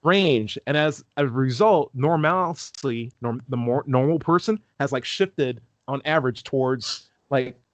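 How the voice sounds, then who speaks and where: Young man from California, loose rambling chat full of "like", mid-pitched, dry close sound on a call. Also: a little slow, hardly any pauses, no echo. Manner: rambling, lots of "like", acts out quoted voices. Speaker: street epistemologist guest. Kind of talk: casual interview chat. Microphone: video call.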